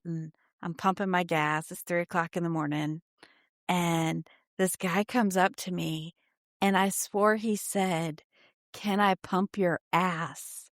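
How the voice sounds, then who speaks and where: A middle-aged woman co-hosting a casual chat, telling lively anecdotes. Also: on the low side, dry recording, clean studio sound. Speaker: podcast co-host.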